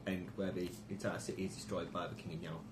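A man's voice: low voice, little pitch movement, quick pace. A British man playing a tabletop game, blunt and scheming in casual chat. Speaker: player. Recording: noisy home recording.

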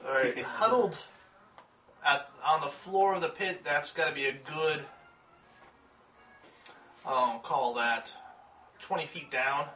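A man narrating as game master at a tabletop game, describing scenes haltingly, with many restarts. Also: a little high, sharp tone. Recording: roomy, distant mic, background hum.

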